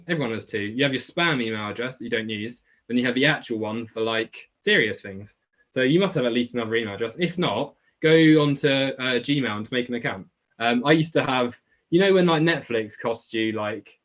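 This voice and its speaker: Casting: young Essex bloke, laid-back online biology tutor, chatty, mid-pitched. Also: male voice. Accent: Essex English. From England. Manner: chatty and informal, lots of "like" and "right?". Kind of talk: casual live webclass, reading and answering chat questions. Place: home room, alone.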